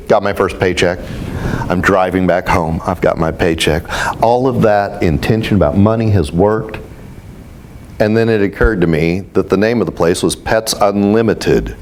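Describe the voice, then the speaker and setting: A man speaking as a spiritual teacher, telling stories to a group in an animated, self-mocking way. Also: lowish voice, a little hiss or hum. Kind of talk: storytelling talk to a group.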